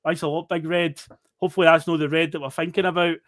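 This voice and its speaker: A man's voice: on the high side, little pitch movement, fast, no room sound, studio quality. A Scottish man hosting a casual football podcast, recounting a season's matches in a conversational, storytelling way. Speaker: podcast host.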